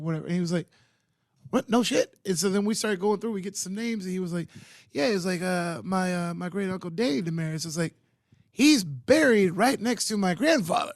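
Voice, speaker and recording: A man co-hosting a podcast, telling a story quietly and casually. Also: sits high, fairly quick, dry recording, studio quality. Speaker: podcast co-host.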